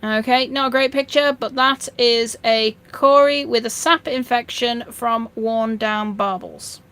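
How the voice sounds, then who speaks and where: A woman's voice: on the high side, fairly even intonation, a little slow, fairly bright tone, clear, resonant tone. Woman host, casual chat, rambling and anecdotal, dry humour. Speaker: fishkeeping channel host.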